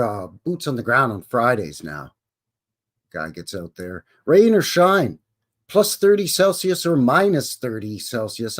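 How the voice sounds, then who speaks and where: A middle-aged man with a Western Canadian accent, hosting a casual live stream and greeting viewers in a folksy way. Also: medium pitch.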